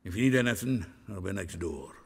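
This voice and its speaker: An actor playing a gruff, boisterous male dwarf companion in a video game, speaking with a coarse, earthy way of talking. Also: low-pitched, expressive, fast, very noisy. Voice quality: gravelly, earthy, coarse-spoken.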